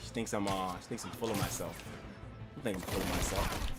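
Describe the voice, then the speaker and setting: A man's voice: low voice, steady tone, fairly quick. A young man, chatting casually while streaming a game, rambling and swearing with self-mocking laughs. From New York. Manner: rambling, profane, laughs at himself. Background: game music.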